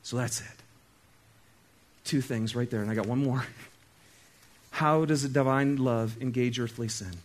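A male pastor preaching a sermon, talking straight to his congregation and swinging between loud exclaiming and soft, hushed stretches. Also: mid-range voice, steady tone, moderate pace. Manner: conversational, talks straight to the congregation.

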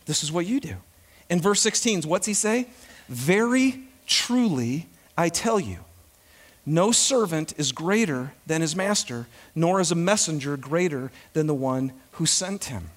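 A male pastor delivering a sermon with a high, lively voice that swoops up and down. He preaches with animation and keeps questioning his congregation. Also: moderate pace.

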